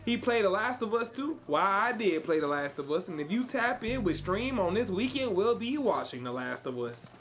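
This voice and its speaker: A man's voice: high-pitched, very animated, moderate pace, hardly any pauses, fairly bright tone, soft background music. A man from Chicago live-streaming a game and chatting with viewers in a playful put-on Southern cowboy drawl. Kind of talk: live gameplay stream chat.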